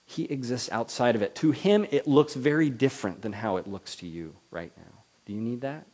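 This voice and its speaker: A man preaching a sermon in a lively manner, swinging between loud declarations and soft, quiet asides, then leading a prayer. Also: medium pitch, normal speed. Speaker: pastor.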